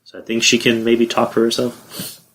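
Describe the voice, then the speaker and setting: A man's voice: mid-range voice, completely flat delivery, moderate pace, a bit bright, slight background noise. A man hosting a podcast, giving blunt, profane opinions in a rambling casual way with many fillers. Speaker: podcast host. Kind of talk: casual wrestling commentary.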